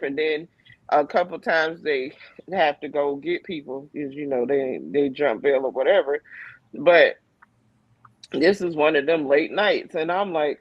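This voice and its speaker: Woman, low voice, dry muffled call audio, lively storyteller. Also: no room sound. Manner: animated storytelling, fussing and laughing. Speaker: host. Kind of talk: casual chat on a live stream. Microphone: video call.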